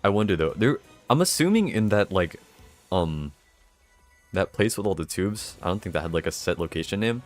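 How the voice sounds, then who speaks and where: A man's voice: sits low, lively intonation, normal speed, soft background music. A man streaming, reading a game's story aloud and chatting casually between lines. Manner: casual, laughs and breaks off to comment.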